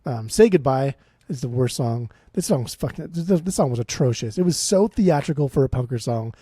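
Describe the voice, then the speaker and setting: A man in his late thirties co-hosting a podcast, sarcastic and profane, tossing off quick dismissive quips. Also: medium pitch, animated, mellow, breathy edge, no room sound, studio quality. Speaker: podcast co-host. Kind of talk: casual podcast chat, ranking albums.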